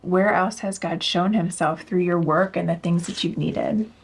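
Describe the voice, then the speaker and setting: A woman's voice: on the low side, steady tone, moderate pace, husky. A woman interviewing a guest in a casual, encouraging way.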